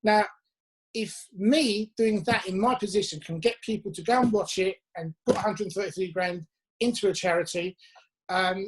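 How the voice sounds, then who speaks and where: A man from England, a musician guest, telling chatty anecdotes with quick asides over a video call from his home. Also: sits high. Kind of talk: casual interview chat.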